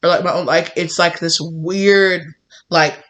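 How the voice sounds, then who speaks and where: A young woman giving a casual tarot reading, rambling and acting out imagined conversations with gasps and hushed asides. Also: fairly low pitch, fairly even intonation, unhurried. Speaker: tarot reader.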